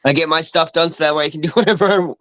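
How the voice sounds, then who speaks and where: A man hosting a casual podcast chat, telling stories in a rambling, halting way. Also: a little high, steady tone, sharp tone, low-quality recording. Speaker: podcast host.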